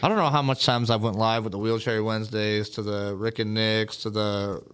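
A man's voice: lowish voice, level tone, normal speed, fairly bright tone, a little hiss or hum. Laid-back swearing man chatting. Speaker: podcast co-host. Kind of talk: casual live-stream chat.

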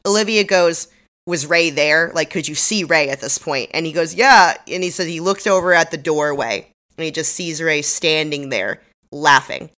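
A woman with a low voice and a bright, forceful edge recaps a crime show episode on a podcast. She talks in loose, chatty sentences and swears openly. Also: moderate pace. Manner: emotional, swears freely, retells scenes with quoted lines. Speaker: podcast co-host. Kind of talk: casual recap chat.

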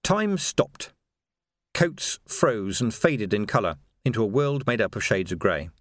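A man reading a novel aloud as audiobook narrator, in a dry, measured storytelling manner. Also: fairly low pitch, sing-song, dry recording. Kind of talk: scripted narration.

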